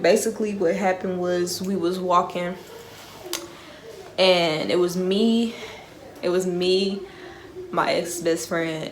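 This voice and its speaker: A woman's voice: fairly low pitch, reverberant, slight background noise. A young woman vlogger in casual storytime mode. She talks in slang and keeps checking that the listener is following.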